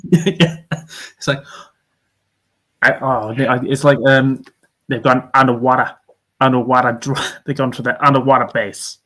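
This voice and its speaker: A man with a mid-pitched voice co-hosts a relaxed podcast chat over beers. He meanders through his stories and laughs between phrases. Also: a little slow, long pauses. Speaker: podcast co-host.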